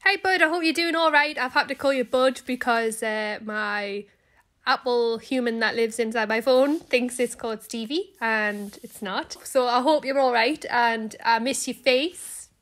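Young northern english lass, really high voice, teasing and chatty. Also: female voice, unhurried, fairly bright tone. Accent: Sunderland. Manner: bubbly, giggly and teasing. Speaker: podcast co-host. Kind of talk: casual chat.

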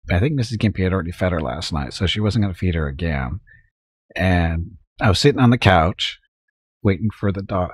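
A man's voice: low voice, slightly rough, no room sound, clean studio sound. A man streaming a strategy game, telling a rambling home story with frequent chuckles, then talking through his moves. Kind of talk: casual gameplay chat.

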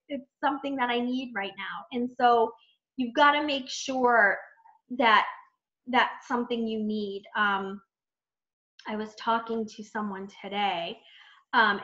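A woman coaching new team members on a training call, chatty and animated, full of fillers and acted-out self-talk. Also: a little high. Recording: muffled lo-fi call audio.

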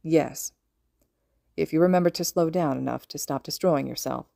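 A woman reading the part of a weary, gruff adult male teacher in a fan audiobook, speaking low, quiet and measured. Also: no echo, studio quality. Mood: gentle, serious.

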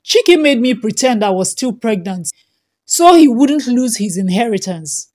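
A woman voicing a young wife who speaks calmly but firmly, at times pleading. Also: a little high, measured pace. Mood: earnest. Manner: calm but firm, pleading.

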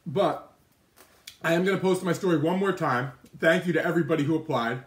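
A man's voice: fairly high pitch, a little fast, reverberant. A man hosting a live stream, chatting casually with his mouth full and answering viewer comments. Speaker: livestream host eating on camera. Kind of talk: casual live-stream chat while eating. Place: indoor kitchen with oven and microwave.

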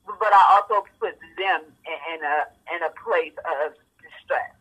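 A woman's voice: on the low side, moderate pace, a bit bright, slightly rough, poor audio. Candid woman retelling a painful ordeal. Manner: candid, with many stammered restarts. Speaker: interview guest. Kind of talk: personal storytelling.

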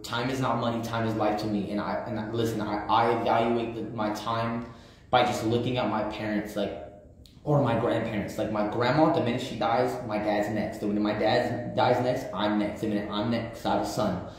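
A man's voice: fairly low pitch, fairly even intonation, moderate pace. A man in his thirties talking casually on a livestream, blunt and profane, with street slang and lots of repetition. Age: 30s. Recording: very echoey room.

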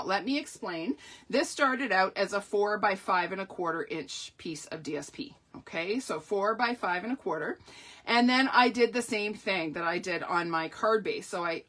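Chatty woman crafting host, husky voice. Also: mid-range voice, pushed and bright. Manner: chatty, upbeat, self-deprecating asides. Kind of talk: live card-making demonstration.

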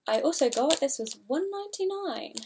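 A chatty young woman talks her way through a haul of sweets in a relaxed, rambling way. Her voice sits a little high, and a faint hiss runs under the recording. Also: moderate pace. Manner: chatty, rambling, giggly, unsure of product names. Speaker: vlogger. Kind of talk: casual haul video.

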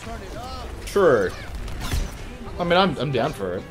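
A gamer joking loudly in casual voice chat, putting on exaggerated mock accents. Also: mid-range voice, big pitch swings, a little slow. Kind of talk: casual gaming banter. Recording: loud game music behind.

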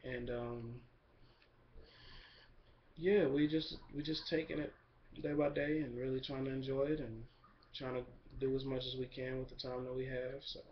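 A young man giving a relaxed, rambling video update, full of fillers and shout-outs. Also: mid-range voice, normal speed, long pauses, slight background noise. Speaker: vlogger. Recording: dull lo-fi camera recording.

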